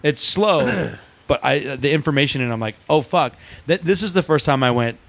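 Excitable man, swearing and rambling. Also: medium pitch, fairly quick, gravelly. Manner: enthusiastic, profane, rambling storyteller. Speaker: co-host. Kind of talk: casual podcast chat.

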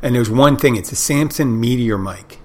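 A man's voice: medium pitch, normal speed. A middle-aged man hosting a podcast, telling wry, rambling anecdotes in a casual monologue. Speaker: podcast host.

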